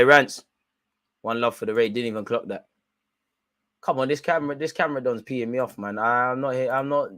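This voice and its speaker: A young man, loudly and gleefully ranting with street slang during a live football watch-along. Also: mid-range voice, dry recording, studio quality.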